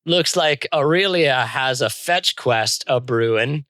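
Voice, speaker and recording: A man's voice: medium pitch, slow, pushed and bright, no echo. A man telling an improvised comic version of a film on a podcast, playful and theatrical, laughing often. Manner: playful, giggly, theatrical narration. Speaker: podcast co-host. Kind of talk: improvised comedic storytelling.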